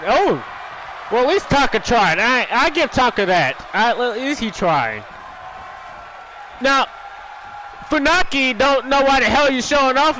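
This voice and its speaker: A man hosting a gaming channel, giving casual commentary on a wrestling game, exasperated, shouting at the screen and swearing. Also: very high-pitched. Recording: game audio with loud crowd noise. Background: video game crowd noise.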